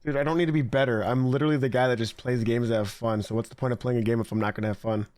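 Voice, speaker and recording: A young man trading teasing, deadpan jokes on a casual podcast. His voice sits at a middling pitch and is recorded dry and close, with no room sound. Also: rapid-fire, no echo. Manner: joking, teasing, deadpan quips. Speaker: podcast co-host.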